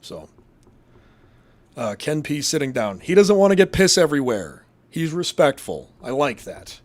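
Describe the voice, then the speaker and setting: A man's voice: on the high side, very animated, measured pace, darkish tone. A man from Massachusetts hosting a casual live show, reading chat and rambling in a crude, profane, jokey way.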